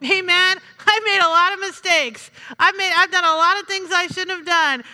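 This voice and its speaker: A woman's voice: extremely high pitch, moderate pace, bright, forceful tone. A woman preaching a sermon in a chatty, humorous way, calling out to the congregation for responses. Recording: reverberant hall.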